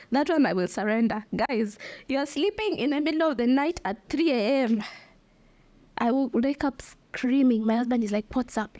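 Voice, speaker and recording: A young woman hosting a candid solo podcast, expressive and quick to laugh as she talks to her listeners. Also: fairly high pitch, dry recording. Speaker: podcast host.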